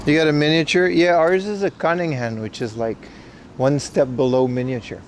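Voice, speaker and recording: A man's voice: fairly high pitch, steady tone, moderate pace, a little hiss or hum. A man hosting a casual outdoor livestream, joking and answering chat questions aloud as he walks city streets. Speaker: livestream host.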